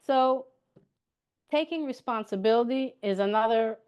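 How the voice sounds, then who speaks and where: A woman's voice: on the high side, a little slow, smooth, highs cut off. A woman giving a motivational coaching talk, chatty, repeating her points and checking in with "okay?".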